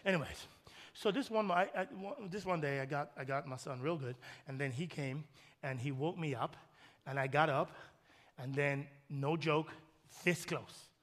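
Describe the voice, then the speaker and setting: High, bright-voiced preacher man in a reverberant church. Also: moderate pace. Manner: preaching, swings from loud shouted peaks to soft hushed storytelling. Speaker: pastor. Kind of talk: sermon. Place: large church hall. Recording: long hall reverb.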